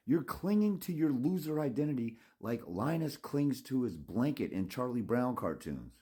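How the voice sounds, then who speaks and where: A man's voice: medium pitch, sing-song, normal speed, few pauses, mellow. A man ranting to his viewers in a blunt, scolding, profane monologue, rambling with restarts and mocking asides. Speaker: father's rights consultant.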